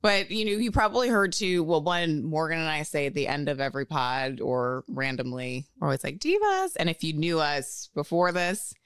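Brief: woman, 30s, podcast co-host, low voice, chatty storyteller, dry close mic. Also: normal speed, hardly any pauses, fairly bright tone, clean tone, dry recording. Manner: chatty storyteller, many "like"s, acts out quotes. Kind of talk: casual chat.

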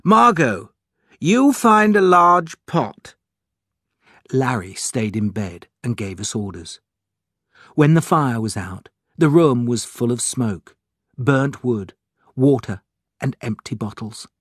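Guy reading a kids' storybook slow, lots of ups and downs, dry close sound. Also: mid-range voice, a little mellow, husky, dry recording. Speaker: reader. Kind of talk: storybook narration.

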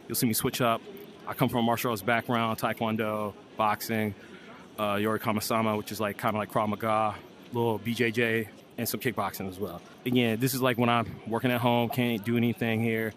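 A man from the Washington DC area, out of breath, hosting hyped VR boxing gameplay commentary full of loud, playful trash talk. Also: fairly low pitch, steady tone, fairly quick, slight background noise. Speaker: gaming channel host. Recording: voice over loud game music. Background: loud music.

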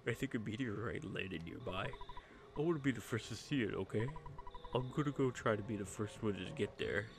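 A man's voice: fairly low pitch, a little fast, creaky. A man voicing an eager young guy in a game.

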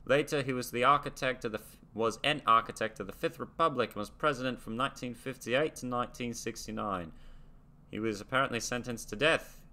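This young American reaction-video host speaks fairly quickly in a medium-pitched voice that's bright and forceful. He casually reads facts aloud and muses, often trailing off.

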